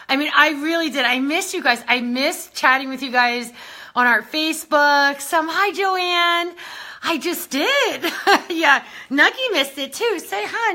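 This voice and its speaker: A woman's voice: very high-pitched, bright, forceful tone. A woman hosting a casual live stream, a little out of breath, chatting and laughing as she greets viewers by name. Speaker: beauty brand founder hosting a live stream.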